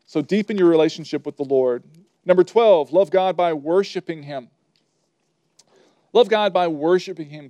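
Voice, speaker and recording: Male pastor, sermon delivery, smooth and fairly high, numbered points, scripture read with emphasis, brisk rhythmic lists. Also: a little mellow, dry recording. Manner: preaches in numbered points, reading scripture aloud with rising emphasis; lists items in quick rhythmic runs.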